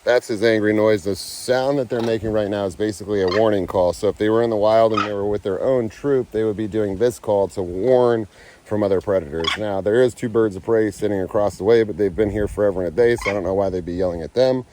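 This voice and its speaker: Man, lowish voice, rough-spoken outdoor vlogger, slips into coaxing tones with animals. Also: quick pace, background noise. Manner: profane, loose, talks to animals in a coaxing tone. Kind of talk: casual unedited vlog talk.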